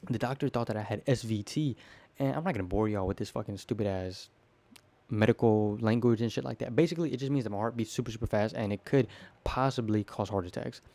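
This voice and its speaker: Fast-talking teen guy, profane and slangy. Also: fairly low pitch, dry recording. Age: teens. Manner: profane, slangy, animated storytelling. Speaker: teen vlogger. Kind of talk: casual rambling monologue to camera.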